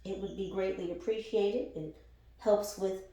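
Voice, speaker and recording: A woman's voice: medium pitch, steady tone, a little slow, warm tone. A woman giving a casual spiritual reading to her followers, blunt and profane, often laughing as she talks. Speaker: spiritual tarot reader. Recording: echoey room, far from the mic.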